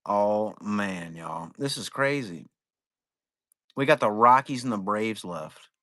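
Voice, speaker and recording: A man's voice: lowish voice, expressive, slow, fairly bright tone, no echo. A young man hosting a live card-break stream, chatting casually in a rambling, profane way.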